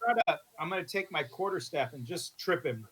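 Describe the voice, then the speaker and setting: A man's voice: a little high, sing-song, fairly quick, a loud crowd. A man playing a tabletop game, playful and casual, swearing now and then. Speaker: player.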